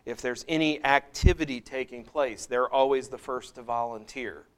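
A middle-aged man teaching a Bible study in a relaxed, conversational way. He doubles back on his words and adds asides, then reads scripture passages aloud with a rising, emphatic lift. His voice sits at an ordinary middle pitch for a man. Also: moderate pace, clear, resonant tone.

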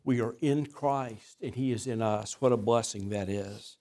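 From the pulpit, a pastor preaches a sermon, shifting between relaxed, folksy storytelling and deliberate, emphatic scripture reading. His pitch is ordinary and mid-range, and he brings in gentle self-deprecating humor.

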